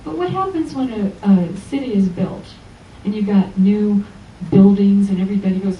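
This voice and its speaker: A woman spiritual teacher delivers an inspirational Sunday lecture in a church hall, telling a parable and playing out its characters' voices. Her tone is very dark and mellow. She is heard from a distance, with a roomy echo and faint background noise. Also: mid-range voice, normal speed. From Los Angeles. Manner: animated storytelling, acting out quoted voices. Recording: echoey church hall from far off.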